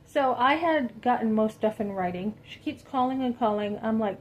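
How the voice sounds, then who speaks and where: A woman's voice: on the high side, normal speed, hardly any pauses, muffled recording, slight background noise. Chatty, indignant woman telling a story. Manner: animated, indignant, chatty with asides to viewers. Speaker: vlogger. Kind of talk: casual storytelling to camera.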